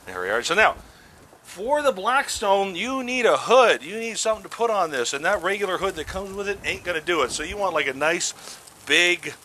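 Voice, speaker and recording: Lively chatty man at the grill. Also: high-pitched, a little fast, slight background noise. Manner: chatty, self-mocking, upbeat. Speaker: grilling show host. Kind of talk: casual cooking demo. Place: outdoors at grills.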